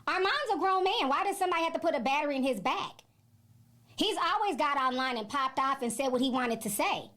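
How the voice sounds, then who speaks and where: A woman host giving her opinion in a measured, persuasive commentary. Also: sits high, lively intonation, a bit bright.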